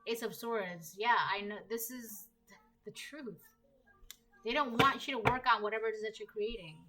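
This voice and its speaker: A woman's voice: a little high, normal speed, noisy background. A woman giving a casual collective tarot reading, talking conversationally and repeating her phrases as she reads the cards aloud. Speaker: tarot reader.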